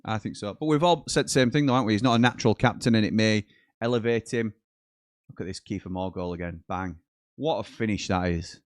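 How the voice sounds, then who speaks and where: A British man hosting a live football watchalong, reading viewer comments aloud and breaking into quick commentary on the match. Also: on the low side, no room sound, studio quality. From Britain. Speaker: watchalong host.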